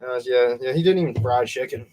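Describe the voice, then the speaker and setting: A man's voice: medium pitch, brisk, darkish tone, no room sound. Rambling, foul-mouthed male stream host. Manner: crude, rambling, heavy swearing. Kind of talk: casual livestream chat.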